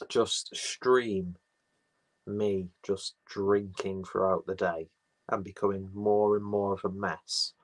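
A man's voice: on the low side, a bit bright. A man chatting casually and rambling on a livestream, swearing and mocking himself as he goes. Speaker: livestream host. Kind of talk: casual chat, reading viewer comments.

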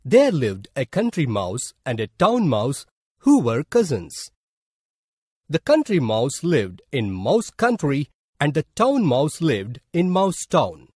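A man with an Indian English accent tells a children's story slowly and expressively. His voice is somewhat husky and fairly high, recorded dry and close. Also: darkish tone, dry recording. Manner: slow, deliberate storytelling. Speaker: narrator. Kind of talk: scripted storybook narration for a school lesson.

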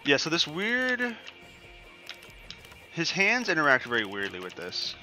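A man's voice: on the high side, wildly swooping pitch, measured pace, sharp tone, soft background music. A young man giving casual, profane commentary over a game he is playing, rambling and ranting as he goes. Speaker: gaming streamer.

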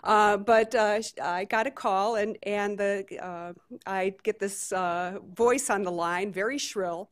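A woman's voice: mid-range voice, fairly even intonation, slow. Woman moderating a conference panel. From Detroit, USA. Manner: conversational, many fillers and restarts. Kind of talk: conference talk. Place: conference hall stage.

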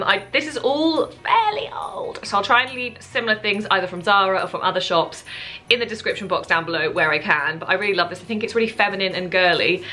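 A woman's voice: medium pitch, bright, forceful tone. A young woman in her twenties chatting to camera as a fashion vlogger, bubbly and self-mocking. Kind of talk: casual chat to camera.

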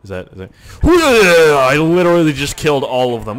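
A man giving excitable, joking, profane running commentary while playing a video game. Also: a little high, moderate pace, few pauses. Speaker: gaming commentator. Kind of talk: let's play commentary.

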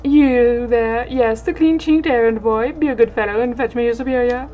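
A woman's voice: a little high, normal speed, phone-quality sound, lightly acted. A woman voicing a pompous, foppish male pirate captain in a video game playthrough, gloating in flowery villain speech.

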